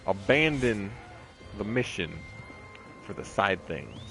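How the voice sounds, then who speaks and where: A young man with a lowish voice rambles through live game commentary, swearing freely and drifting from one tangent to the next. His talk stays loose and unhurried. Game music plays clearly behind him. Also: big pitch swings, fairly bright tone. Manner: rambling, profane, laid-back, tangent-prone. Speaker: game streamer. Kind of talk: casual live-stream commentary.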